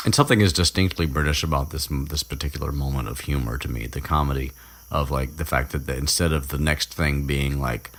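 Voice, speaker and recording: A young man with a strikingly deep, low voice recaps a story as a podcast host. He rambles loosely, chuckling and swearing freely as he goes. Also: a little fast, a bit bright, a little hiss or hum. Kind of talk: casual chapter recap.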